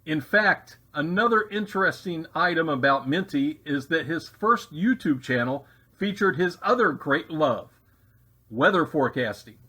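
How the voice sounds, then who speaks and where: A man narrating a mock-serious comedy exposé with deadpan delivery and rambling asides. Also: a little high, a little slow, slightly rough.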